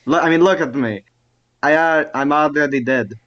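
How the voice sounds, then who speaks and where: A man's voice: fairly high pitch, normal speed, fairly bright tone. Brief: laid-back male player, jokey, lo-fi sound. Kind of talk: casual tabletop play.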